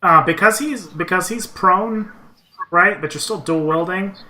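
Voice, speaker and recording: A man with a bright, forward voice runs a tabletop game for friends over a voice call. He talks in a loose, easygoing way, hypes up good rolls and keeps the table moving. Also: high voice. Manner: relaxed, casual, quick to cheer players on. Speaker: game master.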